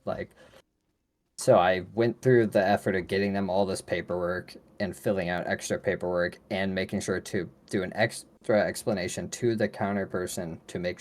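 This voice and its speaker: A man with a somewhat low-pitched voice talks his way through a gaming session in loose, easygoing chat. He rambles through his stories, leaning on filler words and dropping swears freely. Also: steady tone, moderate pace, a little mellow. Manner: rambling, filler-heavy and profane. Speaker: co-host playing a video game.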